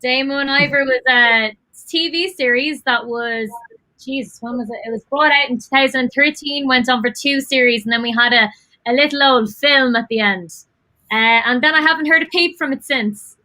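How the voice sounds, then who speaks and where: A young woman with a Dublin Irish accent, chatting as a guest on a video call, excitable and quick to laugh. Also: sits high. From South Dublin, Ireland. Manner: excitable, gushing, laughs often. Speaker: guest, actress. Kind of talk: casual chat on a video call.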